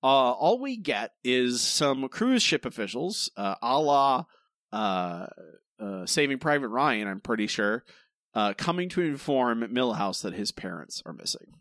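A man chats casually as a podcast co-host, his pitch swooping up and down as he recaps. He restarts his sentences often and keeps calling his partner by name. The sound is close and dry. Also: a little slow, no echo. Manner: animated, rambling with restarts, addresses co-host by name.

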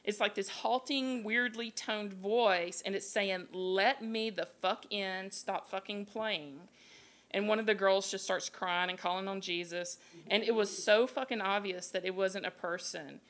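A woman spins a creepy tale on a live podcast, her telling loose, salty and full of animated quoted voices. She sits at a mid pitch and keeps it conversational. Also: moderate pace, few pauses. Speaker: podcast host. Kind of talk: casual storytelling. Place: live show at a beer garden.

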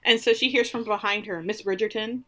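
A woman's voice: mid-range voice, a little fast, slight background noise. A woman in casual conversation, animatedly retelling a show's plot and acting out the characters' lines. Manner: animated, acts out the characters' lines in dramatic voices. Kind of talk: casual recap chat.

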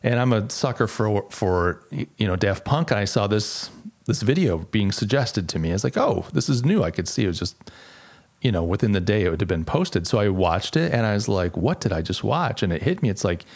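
A middle-aged man talks through his podcast alone in a casual, reflective way. His voice sits a little low, and he often restarts his sentences as he thinks aloud. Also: expressive, fairly quick, a little mellow. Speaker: podcast host. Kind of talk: casual solo podcast monologue.

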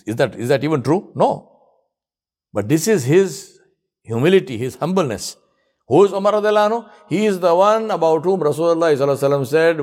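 A man delivers a sermon in a storyteller's style, posing rhetorical questions. He works Arabic honorifics into his speech, letting his voice drop soft and low on them.

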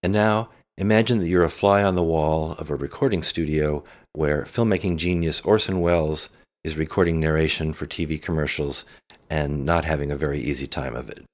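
A man's voice: rumbling low, fairly even intonation, a little fast. A man hosting his podcast, reading a friendly scripted introduction. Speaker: podcast host.

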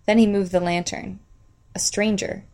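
A woman narrating an audiobook in an even, steady storytelling voice. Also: medium pitch, normal speed, creaky.

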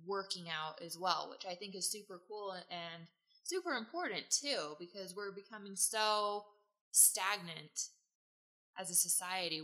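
A woman's voice: lowish voice, bright, forceful tone, poor audio. A woman hosting a podcast interview, easygoing and laughing along with her guest. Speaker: podcast host. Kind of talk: casual interview.

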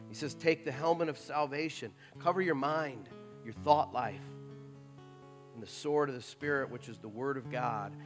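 A man preaching a sermon in a conversational way, dropping into soft mocking asides. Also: medium pitch. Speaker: pastor.

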